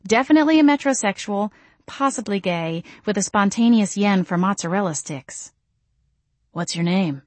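A woman's voice: mid-range voice, lively intonation, normal speed, dry recording. A woman reading a first-person audiobook in a wry, self-deprecating way. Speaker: audiobook narrator.

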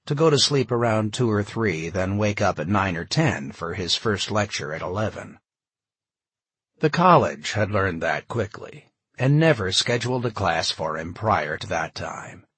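A man narrating an audiobook in an expressive, measured storytelling manner. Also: on the low side, breathy edge, no room sound.

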